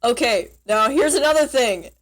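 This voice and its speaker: A woman's voice: fairly high pitch, animated, normal speed. A young woman chatting casually in a vlog, teaching basic French phrases in a giggly, rambling, self-deprecating way.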